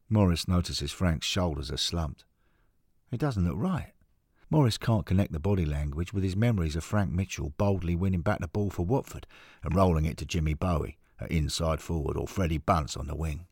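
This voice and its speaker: A man narrating a scripted audio story in a measured storytelling manner. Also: low-pitched, darkish tone, slightly rough, no room sound, studio quality.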